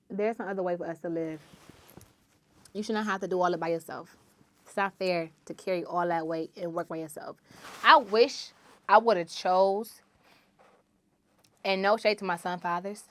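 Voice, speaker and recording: A woman hosting her own podcast, preaching emphatically and repeating phrases, moving between loud exhortation and low asides. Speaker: podcast host. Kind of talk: solo podcast monologue.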